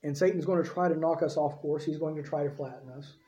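A man's voice: a little high, steady tone, fast, mellow. Man preaching a sermon in an echoey room. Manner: conversational preaching, checks in with listeners. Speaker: pastor. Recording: echoey room, dull lo-fi sound.

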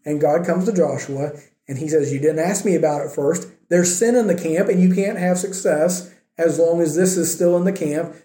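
A man's voice: fairly high pitch, normal speed, mellow, reverberant. A man preaching a sermon as pastor, acting out the words of quoted speakers in his own voice.

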